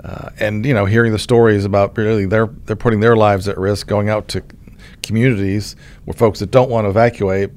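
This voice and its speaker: A middle-aged man from Oklahoma hosts a conversation as the state insurance commissioner and tells a story in a relaxed way, often restarting his sentences. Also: on the low side, a little fast. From Oklahoma, USA. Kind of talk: casual conversational interview.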